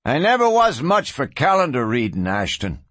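A man's voice: medium pitch, huge pitch swings, moderate pace, a bit bright, no echo, pitched above the performer's own voice. A man voicing an insolent young gunfighter who taunts in a mocking old-west drawl. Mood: taunting.

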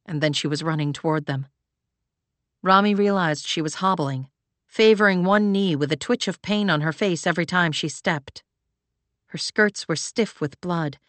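A woman reading fantasy fiction aloud as an audiobook narrator, in an even, measured way. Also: lowish voice, no echo.

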